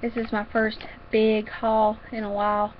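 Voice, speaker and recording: A woman's voice: on the high side, monotone, unhurried, muffled recording, a little hiss or hum. A woman chatting casually and rambling about her crafts in a home craft room. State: a little out of breath. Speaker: crafting vlogger. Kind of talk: casual chat.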